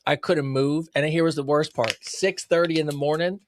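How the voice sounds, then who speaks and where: A man's voice: a little high, fairly even intonation, normal speed, a little hiss or hum. A man in his forties co-hosting a podcast, telling a crude story in casual chat with laughs. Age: 40s. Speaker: podcast co-host.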